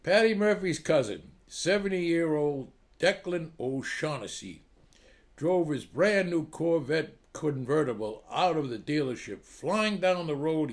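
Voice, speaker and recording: A man hosting a comedy show, telling long joke stories in a lively storytelling way. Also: a little high. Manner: animated joke delivery with acted voices. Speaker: comedy club host telling jokes. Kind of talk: storytelling jokes.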